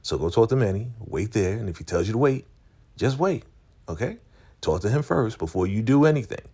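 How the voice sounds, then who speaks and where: A man voicing a scheming young woman who bosses others around in a quick, coaxing way. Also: on the low side, very animated, mellow, pitched above the performer's own voice.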